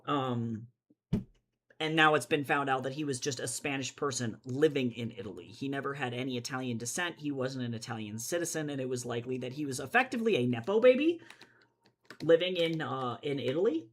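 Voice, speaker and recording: A man's voice: mid-range voice, lively intonation, fairly quick, fairly bright tone. A man from the United States ranting casually and profanely while drawing comics on a livestream, full of filler words, at a desk at home. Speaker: comic artist streaming.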